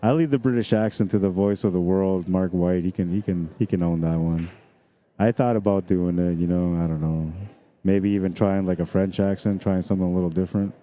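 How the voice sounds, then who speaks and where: Casting: laid-back male pool streamer, low, mellow voice, chatty with viewers in a pool hall. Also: fairly even intonation, a little fast. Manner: chatty, easygoing, talks directly to viewers. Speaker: pool tournament streamer and commentator. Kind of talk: casual live-stream commentary.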